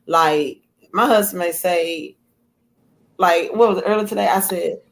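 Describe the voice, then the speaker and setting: Animated woman guest, lively storytelling. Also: fairly low pitch, normal speed. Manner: animated, acts out quotes in a raised voice. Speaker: guest author. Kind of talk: casual chat.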